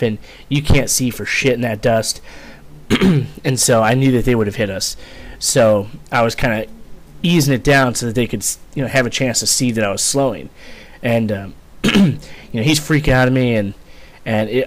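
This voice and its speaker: A man's voice: medium pitch, moderate pace. A young man casually telling a rambling, profane story, full of fillers and swearing. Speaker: vlogger, former Marine.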